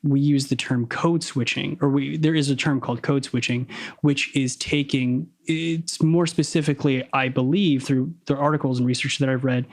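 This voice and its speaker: A man talking as a podcast guest, over-enunciating his words on purpose and stopping to correct himself as he probes ideas. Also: mid-range voice. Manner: deliberately crisp, over-enunciated diction; analytical, probing, self-correcting. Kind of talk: casual conversation.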